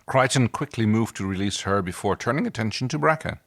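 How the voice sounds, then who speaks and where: A man's voice: on the low side, expressive, a little fast, dry recording. A man co-hosting a podcast, reading a story aloud in an easygoing way with dry asides. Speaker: podcast co-host and reader.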